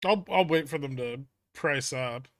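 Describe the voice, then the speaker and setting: A man's voice: medium pitch, a little slow, a bit bright, no room sound. Dry, sarcastic male stream host. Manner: dry, sarcastic, reading and answering chat. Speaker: livestream host. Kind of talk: casual stock trading livestream chat.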